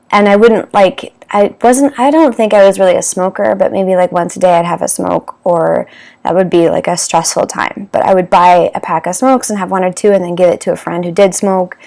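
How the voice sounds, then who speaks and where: A woman's voice: mid-range voice, a little mellow. A Canadian woman in her thirties telling a personal dating story to camera in a candid, rambling way, with many fillers and restarts. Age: 30s. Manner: candid, rambling, with frequent fillers and self-corrections. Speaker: vlogger.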